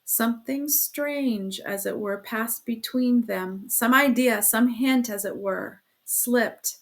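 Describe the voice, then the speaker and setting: A woman narrating a classic novel as an audiobook reader, expressive, giving the quoted lines their own voices. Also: fairly high pitch, slow. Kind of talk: scripted narration.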